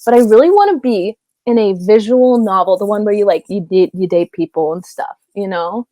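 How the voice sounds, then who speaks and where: A woman's voice: mid-range voice, expressive, normal speed, mellow, no echo. A young woman from Canada, a voice actress, chatting in an interview, bubbly and rambling with crude jokes and giggles. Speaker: voice actress guest. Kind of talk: casual interview chat.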